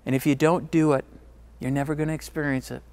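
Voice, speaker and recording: A middle-aged male keynote speaker tells a personal story to an audience. He pushes his points emphatically, then drops low and quiet, in a voice sitting slightly high for a man. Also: level tone, quick pace. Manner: emphatic, swings from driving to hushed.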